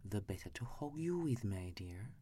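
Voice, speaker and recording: A woman voicing a wicked male wolf disguised as a grandmother in a whispered role-play, hushed and sly. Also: rumbling low, sing-song, normal speed, slight background noise.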